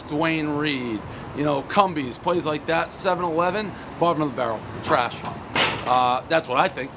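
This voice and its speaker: A man with a fairly high voice gives a brash, joking pizza review, cursing freely. He talks on a city street corner, caught on a handheld camera. Loud traffic rumbles all around him.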